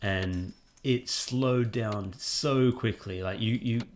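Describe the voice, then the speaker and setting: A man, a game developer giving rambling, relaxed gameplay commentary with plenty of fillers. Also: lowish voice, slow, a little hiss or hum.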